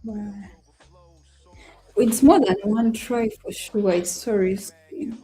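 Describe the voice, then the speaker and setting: A woman's voice: medium pitch, takes it slowly, mellow. A young woman hosting a live trading stream, chatting casually to viewers, emotional and apologetic as she talks to herself. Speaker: trading livestream host. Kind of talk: casual livestream chat to viewers. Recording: faint music behind.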